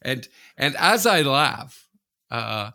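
Animated, laughing podcast co-host. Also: male voice, medium pitch, takes it slowly. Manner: animated, laughing, rambling storyteller. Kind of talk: casual chat.

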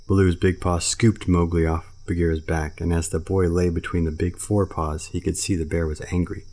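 A man reads a classic storybook aloud in a steady, even manner. His voice sits very low. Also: brisk, few pauses. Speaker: narrator. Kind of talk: storybook reading.

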